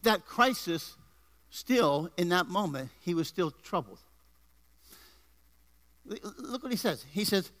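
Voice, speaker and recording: A male pastor delivering an energetic sermon in a church. His voice sits high and sounds bright and forceful, climbing with emphasis. He throws in asides and jokes to the people in the pews. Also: slow pace, long pauses. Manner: energetic preaching with rising emphasis and jokes to the congregation. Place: church before a congregation.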